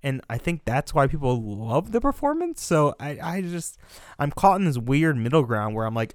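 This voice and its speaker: Young American man, casual film-podcast co-host, animated ranter, dry close mic. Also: on the high side, normal speed, dry recording. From United States. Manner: animated, ranting, swears and laughs often.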